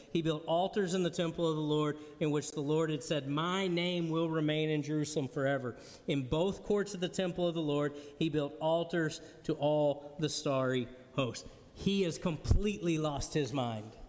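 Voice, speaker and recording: A man preaching a sermon to a congregation, conversational and joking with the room. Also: a little high. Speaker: pastor. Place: church hall before a congregation. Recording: long hall reverb.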